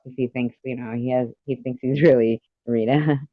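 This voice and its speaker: A woman's voice: a bass voice, fairly even intonation, normal speed, no echo. A woman chatting casually on her live stream, teasing, laughing often and swearing freely. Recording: dull, dry lo-fi stream audio.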